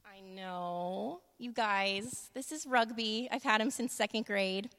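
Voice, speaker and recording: A woman giving a casual sermon, laughing often and moving between quick asides and slow, emphatic lines. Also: medium pitch, a bit bright. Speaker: church speaker. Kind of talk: casual sermon with humor and props. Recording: long reverb of a large room.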